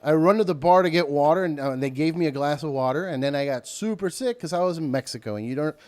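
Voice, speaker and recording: Guy guesting on a podcast, kinda high voice, tells stories all animated and does voices. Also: fast talker. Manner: animated, acts out voices and yells mid-story. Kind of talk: casual storytelling.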